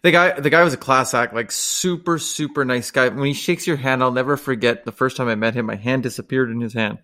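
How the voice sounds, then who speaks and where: A man's voice: mid-range voice, steady tone, brisk, bright, forceful tone. A man, hosting a casual chat, rambling and swearing freely as he tells stories. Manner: profane, rambling storyteller.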